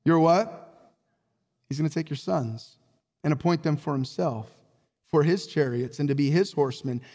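A man preaching a sermon as pastor, calling out to the congregation and swinging between booming exhortation and low, earnest tones. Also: normal speed, darkish tone. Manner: preaching with call-and-response to the congregation. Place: church sanctuary. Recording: hall reverb.

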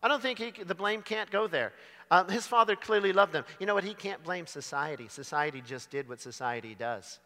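A man preaching a dramatic sermon, swinging from loud to hushed. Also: high-pitched, animated, brisk, long reverb tail.

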